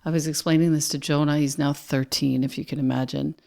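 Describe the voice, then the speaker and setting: Woman podcast host, low voice, calm and reflective. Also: brisk, vocal fry. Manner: calm, reflective, brief interjections. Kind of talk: casual conversation.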